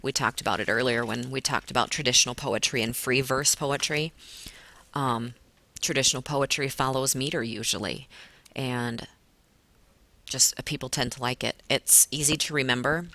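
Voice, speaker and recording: A woman's voice: extremely low pitch, steady tone, moderate pace, pushed and bright, dry recording. A woman teacher giving pre-reading notes on poetry to her class, explaining patiently with many fillers. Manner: patient explaining, stretches words to show stress.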